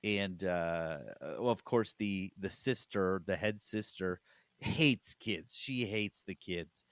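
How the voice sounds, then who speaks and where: A man's voice: sits low, slow pace, no echo. A man hosting a podcast in casual chat, chatty and laughing as he retells scenes. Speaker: podcast host.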